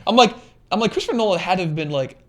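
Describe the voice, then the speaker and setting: Young man, podcast co-host, casual chat, excitable, swears a lot, slightly high voice. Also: rapid-fire, very noisy. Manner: excited, swears freely, acts out his own reactions.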